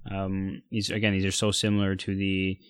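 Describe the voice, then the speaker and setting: A man co-hosting a casual chat about sneakers and streetwear, relaxed, with lots of fillers and restarts. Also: sits low, normal speed, clear, resonant tone, no room sound, studio quality. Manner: relaxed, many fillers and restarts, giving buying advice.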